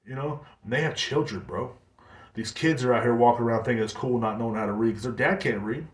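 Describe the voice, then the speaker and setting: A man's voice: medium pitch, fast. A man hosting a podcast, delivering a heated, profane ranting monologue and mocking other people's voices. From United States. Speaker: podcast host. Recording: echoey room.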